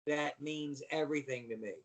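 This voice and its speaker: A middle-aged man, a former wrestler, telling stories as a guest in lively casual chat. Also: fairly high pitch, moderate pace, a little hiss or hum. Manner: animated storyteller, repeats "you know what I mean".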